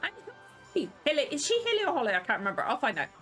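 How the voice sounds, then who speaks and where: A woman hosting a reaction video, excitedly gushing with nostalgia in casual commentary. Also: high-pitched, quick pace, soft background music.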